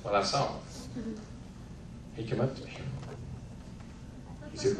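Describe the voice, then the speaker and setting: An energetic male motivational speaker giving a keynote with stories and pulling the crowd in, in a large hall full of people. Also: mid-range voice, slow, long pauses, slight background noise. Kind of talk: keynote speech with storytelling. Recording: echoey hall, distant mic.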